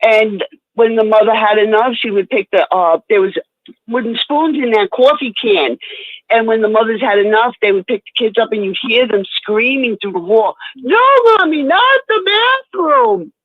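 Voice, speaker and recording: A woman guest speaking candidly in an interview, plain-spoken and halting, often repeating words as she goes. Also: fairly high pitch, dry recording. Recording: dry, tinny phone-line sound.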